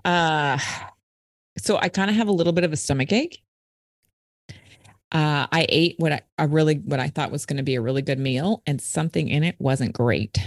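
A woman's voice: deep voice, no room sound, clean studio sound. Easygoing woman co-hosting a podcast. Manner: easygoing, laughs often, quick back-channel replies. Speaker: podcast co-host. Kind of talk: casual chat.

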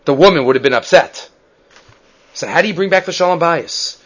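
High, bright-voiced man teaching Torah. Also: a little fast, muffled recording. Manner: animated storyteller, acts out voices, mixes in Hebrew terms. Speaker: rabbi teaching the weekly Torah portion. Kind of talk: Torah class with storytelling.

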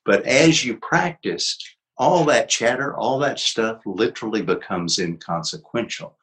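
An older man, a psychologist and author, talking as an interview guest in a gentle, reflective way with easy laughs. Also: medium pitch, unhurried, poor audio. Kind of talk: conversational interview.

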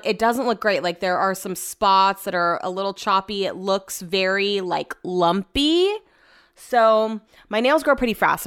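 A woman's voice: medium pitch, a bit bright, clear, resonant tone. A young woman at home chatting casually through a rambling storytime vlog, frank and loose with swearing. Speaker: vlogger. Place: home, indoors.

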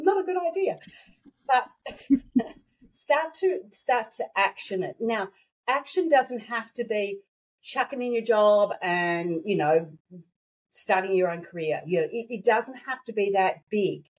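A woman coaching on intuition in a conversational interview, talking lively and acting out her own quoted thoughts, with a slightly dry throat. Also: mid-range voice, measured pace, husky. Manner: animated, acts out quoted thoughts, restarts often.

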